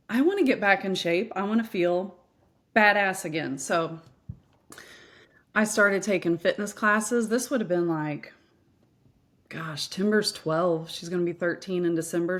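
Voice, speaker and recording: Chatty Missouri woman telling her story. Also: medium pitch. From Missouri, US Midwest. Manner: chatty, animated, acts out quoted voices. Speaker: fitness coach, guest. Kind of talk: casual storytelling interview.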